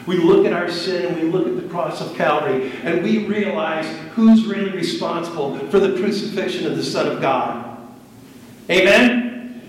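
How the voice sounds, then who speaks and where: A man preaching a sermon as pastor, building intensity with repetition. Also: high-pitched. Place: church sanctuary. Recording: echoey room from far off.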